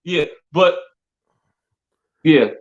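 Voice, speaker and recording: A man's voice: a little high, very slow. A middle-aged man, telling rambling, profane stories as a podcast co-host and repeating "hey, look" often. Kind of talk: casual comedic chat. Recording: dull lo-fi sound.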